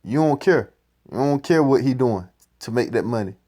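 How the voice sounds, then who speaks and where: A man's voice: mid-range voice, lively intonation, normal speed, warm tone. A man giving profane, ranting scripture commentary, repeating "man" at the end of phrases. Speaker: street-style preacher commenting on a clip.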